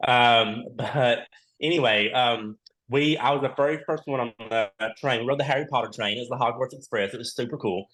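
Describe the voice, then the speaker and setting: A man's voice: mid-range voice, brisk. A man, a reality show contestant as a podcast guest, chatting casually and acting out the dialogue in his stories. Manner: animated storyteller, acts out quoted dialogue.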